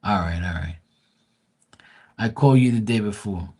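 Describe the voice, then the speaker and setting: An older immigrant father, as his son mimics him, matter-of-fact in broken English. The voice stays low and husky. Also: a little slow, a little mellow.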